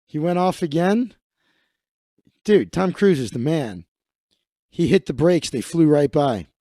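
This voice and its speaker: A man's voice: fairly high pitch, lively intonation, a little slow, warm tone, dry recording, clean studio sound. A man hosting a comedic live stream, reading news aloud with sarcastic, profane asides. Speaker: host.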